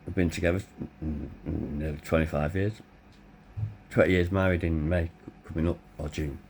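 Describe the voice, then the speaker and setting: Blunt, deep-voiced middle-aged man. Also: steady tone, normal speed, darkish tone, slight background noise. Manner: blunt, candid, swears freely. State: hoarse, voice tiring. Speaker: vlogger. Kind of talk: personal storytelling.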